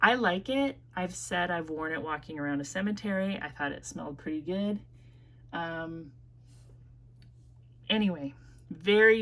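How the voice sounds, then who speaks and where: A woman's voice: low-pitched, a bit bright. A woman with an American Midwest accent reviewing perfumes in a casual, rambling vlog, talking with many fillers and self-corrections.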